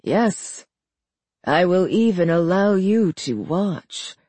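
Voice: mid-range voice, big pitch swings, darkish tone, slightly rough, no room sound, heavily acted. Narrator voicing a frail, menacing old villain. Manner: slow, mild, menacing delivery. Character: frail old male villain, cruel and calm.

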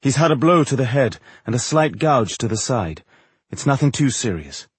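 A man's voice: mid-range voice, very animated, moderate pace, husky, no room sound. Cool teasing sorceress, read by a man. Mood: matter-of-fact. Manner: dry, teasing. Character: cool-headed female mage, teasing.

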